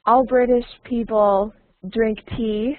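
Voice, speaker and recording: A woman leads an English lesson over a call, repeating phrases slowly so her students can follow. Her voice is mid-pitched and comes through thin and phone-like. A faint hiss sits under her speech. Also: steady tone. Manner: patient, repeats and models phrases, laughs often. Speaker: English teacher. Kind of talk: online group English lesson. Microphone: computer mic on a video call. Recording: tinny online call line.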